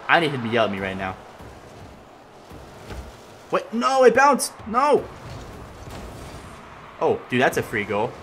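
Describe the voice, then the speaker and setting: Excitable young man yelling at his teammate. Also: fairly low pitch, normal speed, long pauses, a little hiss or hum. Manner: excitable, swings from yelling to mumbling asides. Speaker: gaming commentator. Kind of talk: casual gameplay commentary.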